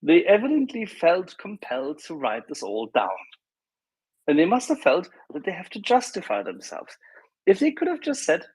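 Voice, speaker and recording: A husky-voiced man talks in a casual online audio room. His tone is sarcastic and animated as he mocks red tape. The sound is dry and close. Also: sits high, normal speed, no room sound, rough recording. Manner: sarcastic, animated, laughs at bureaucracy.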